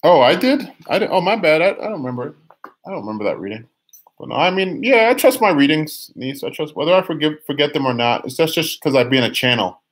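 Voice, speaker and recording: Doing tarot readings live on a stream, a young man with a fairly high voice swings widely in pitch. He teases, chats, reads viewers' comments out loud, frequently restarts phrases, stretches them out and occasionally breaks into a sung line.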